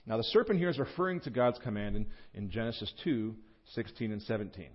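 In church, a pastor preaches through a scripture passage, talking fast with few pauses on a muffled recording. His tone is earnest, peppered with fillers and restarts, and his pitch and volume jump whenever he voices the words he's quoting.

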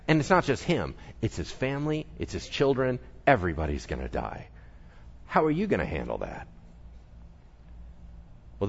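A man preaching an energetic, conversational sermon with humor, talking straight to the congregation. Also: medium pitch, lo-fi sound. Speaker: pastor.

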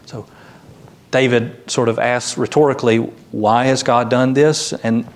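Guy preaching a sermon, chatty and a bit funny, mid pitch, does little voices when he quotes stuff. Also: measured pace. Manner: conversational, with light humor and animated quoted voices. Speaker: pastor.

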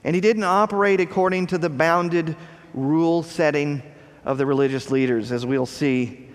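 A pastor preaching a sermon, emphatic and slowing down to stress key phrases. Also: male voice, fairly high pitch, big-room sound.

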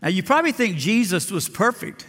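A man's voice: high-pitched, sing-song, a little fast, a bit bright. An older man who grew up in Alabama, preaching a sermon in a folksy storytelling way and acting out the voices in his stories. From Lower Alabama. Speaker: pastor. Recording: long hall reverb.

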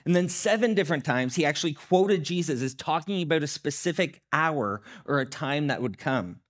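A man delivers a sermon with a lively, swooping voice, set a little higher than most men's. He talks conversationally, as a pastor in his thirties, and acts out short quotes as he goes. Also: moderate pace. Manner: animated, conversational preaching with acted-out quotes.

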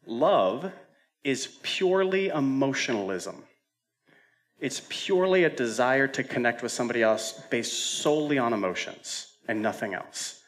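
A man's voice: mid-range voice, animated, measured pace. A male senior pastor preaching a sermon in a conversational way, with frequent fillers and self-corrections.

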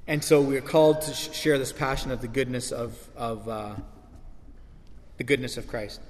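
A man preaching a sermon as pastor, earnest and storytelling, building to animated emphasis. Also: mid-range voice. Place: church sanctuary. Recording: long church hall reverb.

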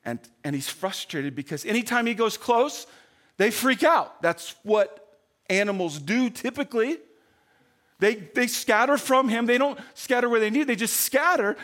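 A male pastor telling a story in a sermon, swinging between loud bursts and hushed, slowed-down passages. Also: very high-pitched, animated.

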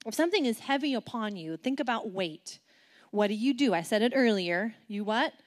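Animated, playful woman preaching a sermon. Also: moderate pace. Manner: animated, playful, acts out quotes with big swings in pitch and volume; asks the audience many questions.

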